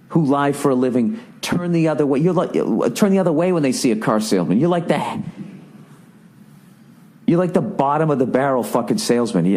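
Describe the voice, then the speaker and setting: A man rants on a podcast in a loose comedic monologue, swearing constantly and dripping with sarcasm. His voice sits at an ordinary middle pitch as he vents his exasperation. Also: darkish tone. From United States. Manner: profane, sarcastic, exasperated ranting. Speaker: podcast host.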